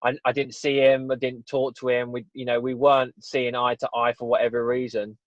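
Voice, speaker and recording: During a casual interview, a podcast guest from England earnestly meanders through a personal story, relying on "you know" and "right?". His voice is medium-pitched with little pitch movement and a little fast, captured in dull, dry audio with no room sound.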